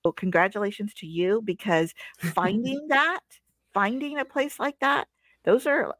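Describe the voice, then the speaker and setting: A middle-aged woman, a guest educator, telling stories in a lively conversational way and acting out the dialogue. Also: mid-range voice, moderate pace, no room sound, clean studio sound. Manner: animated, acts out quoted dialogue. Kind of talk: conversational storytelling.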